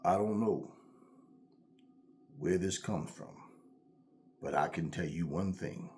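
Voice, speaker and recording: A man putting on a grave male 1970s movie detective who talks in a slow, low, deadpan murmur. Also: slight background noise.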